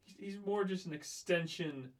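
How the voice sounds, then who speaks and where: A man co-hosting a podcast, riffing with deadpan, crude, absurd humor in casual banter. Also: high-pitched, moderate pace. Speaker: podcast co-host.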